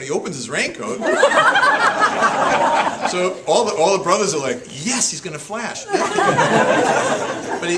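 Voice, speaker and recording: A man giving a humorous storytelling talk to a live audience. He laughs often and repeats words as he restarts his sentences. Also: high voice. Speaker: author giving a public talk. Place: senior center hall with an audience. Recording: echoey hall, loud audience laughter and noise.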